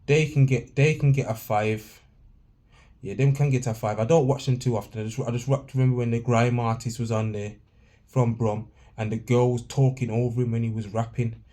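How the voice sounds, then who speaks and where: A man's voice: medium pitch, steady tone, moderate pace, mellow. A man giving a blunt, ranting review of podcasts, mixing slang and patois phrases into his talk.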